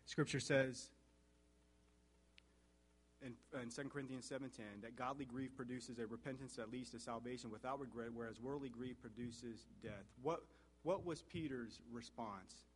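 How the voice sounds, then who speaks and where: A male pastor preaching a sermon, asking the congregation questions and repeating phrases, rising to loud high peaks and dropping to soft low passages. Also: normal speed, a little hiss or hum.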